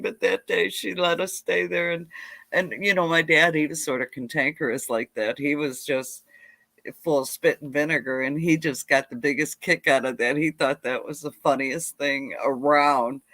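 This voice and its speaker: A middle-aged woman hosting a live homestead stream, telling childhood stories in a rambling, animated way. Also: low-pitched, normal speed, creaky, dry recording. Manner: rambling, animated, side-tracked. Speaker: homestead channel host. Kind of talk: casual live storytelling. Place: home livestream.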